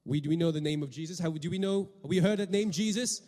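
A man's voice: a little high, quick pace, dark tone, big-room sound. A man preaching a sermon to a congregation, often asking them questions and repeating words as he goes. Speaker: pastor.

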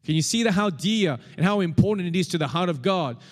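Emphatic preacher in a reverberant hall. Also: male voice, high-pitched, expressive, quick pace. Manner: emphatic, repeats key phrases, leads congregation responses. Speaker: pastor. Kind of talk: sermon.

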